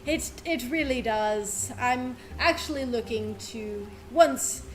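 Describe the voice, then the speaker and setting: A woman's voice: on the high side, slow, slight background noise. A woman voicing a polite male water genasi who owns a bathhouse, courteous and businesslike, in a tabletop game. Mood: gracious.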